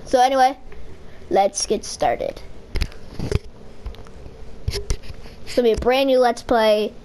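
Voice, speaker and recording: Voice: mid-range voice, expressive, takes it slowly, a little mellow, slight background noise, low-quality recording. A young let's-play gamer chatting casually over gameplay, rambling, giggling and correcting themselves.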